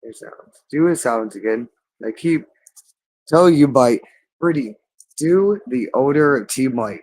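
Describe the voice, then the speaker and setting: A man's voice: medium pitch, expressive, measured pace, darkish tone. A man delivering a rambling monologue, insistent and repetitive, stretching out words for emphasis.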